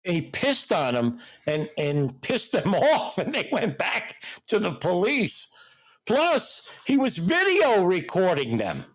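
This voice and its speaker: A man's voice: high voice, wildly swooping pitch, slow. A man hosting a casual chat, telling rambling, profane stories. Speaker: host.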